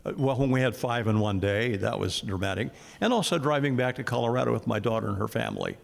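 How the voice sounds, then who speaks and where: An older man from Kansas tells his storm-chasing stories in a relaxed, matter-of-fact way, his voice rough and gravelly. He speaks on a panel, and the sound rings with long reverb from a large hall. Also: mid-range voice, fast. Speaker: panelist, former storm chaser. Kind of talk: casual panel storytelling.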